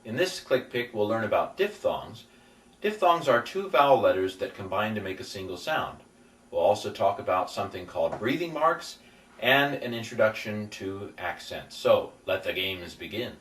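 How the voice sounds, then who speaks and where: A middle-aged man teaching a recorded Greek lesson, sounding out vowels slowly and repeating them with enthusiasm. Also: on the low side, animated, fairly bright tone, a little hiss or hum.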